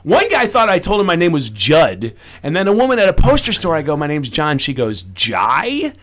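A man's voice: a little high, brisk. A man with a Chicago accent, a comedian guest ranting sarcastically in casual radio chat. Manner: sarcastic ranting with animated put-on voices.

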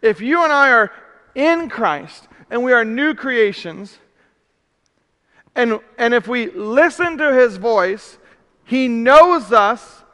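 A male pastor preaching a sermon, animated, swinging from loud emphasis to hushed questions. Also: very high-pitched. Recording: reverberant hall.

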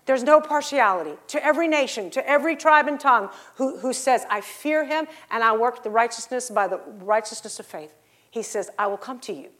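Preaching in a brisk, lively cadence, this middle-aged woman has a fairly high voice and acts out the voices in the stories she tells. Her sermon climbs into loud exhortation as she presses the congregation to get louder.

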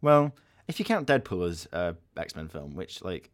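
Chatty man, low dry voice. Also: sing-song, measured pace, dry recording. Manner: chatty, laughs easily, lots of fillers. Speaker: podcast co-host. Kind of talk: casual chat.

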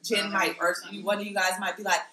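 A woman guest in a casual chat, telling animated stories and acting out the people she quotes. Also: medium pitch, fast talker, roomy sound.

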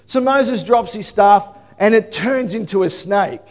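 Male preacher, lively storyteller who breaks into shouts; unusually high voice, long echo of a church hall. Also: a little slow. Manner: animated storytelling, bursts into shouting. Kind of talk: sermon.

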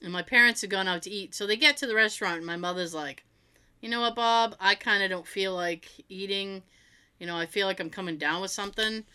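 A woman co-hosting a casual chat, telling family stories in an animated way, swearing freely and acting out what relatives said. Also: mid-range voice, brisk, clear, resonant tone.

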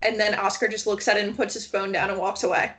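A woman co-hosting a casual chat show, telling stories in an animated way and quoting people as she goes. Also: mid-range voice, fast talker. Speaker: podcast co-host. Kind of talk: casual chat about reality TV.

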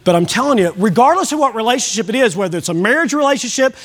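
A man's voice: very high-pitched, animated, racing, a bit bright. A man preaching a sermon as pastor, with a folksy, emphatic delivery that acts out prayers.

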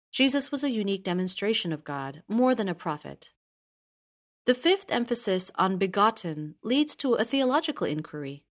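A woman narrating a scripted lesson on Bible study, reading in a measured, even way with slow emphasis on key words. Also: mid-range voice. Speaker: course narrator.

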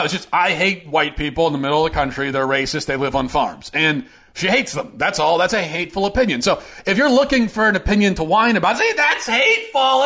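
Man, opinion commentary host, sarcastic, heated, mocking, fairly high voice. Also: a bit bright.

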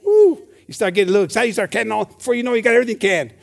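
Guy preaching in english and spanish, high voice, keeps saying amen and hermanos, gets loud then goes quiet. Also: racing, vocal fry. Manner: animated, swings from loud to soft. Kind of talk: bilingual sermon.

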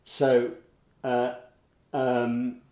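A man's voice: medium pitch, completely flat delivery, extremely slow, dark tone. A man telling a meandering story in casual chat, with many restarts. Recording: roomy echo.

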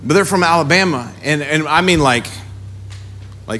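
Bright, high-voiced man preaching. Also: moderate pace. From family roots in the American South. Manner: passionate, building to shouted exhortation. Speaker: pastor. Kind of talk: sermon. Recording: faint music under the voice.

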